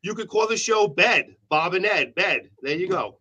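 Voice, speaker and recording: A playful guest who keeps cracking puns and laughing, his voice high and bright for a man. He issues friendly challenges with easy banter. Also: animated, moderate pace, slight background noise. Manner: playful, punning, laughs often. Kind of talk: casual chat.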